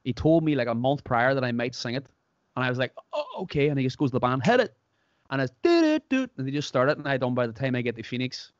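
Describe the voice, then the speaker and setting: A man's voice: mid-range voice, rapid-fire, no room sound, lo-fi sound. An Irish man hosting a podcast, chatting casually and acting out the people in his stories. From Ireland. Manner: animated storyteller, acts out quotes. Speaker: podcast host. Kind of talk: casual chat.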